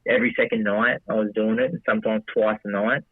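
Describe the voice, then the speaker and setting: A man's voice: on the low side, steady tone, quick pace, slightly rough, no echo. A man telling a long story casually, with many restarts, swearing, and quoting himself in dialogue. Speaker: podcast guest. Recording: dry tinny phone-like audio.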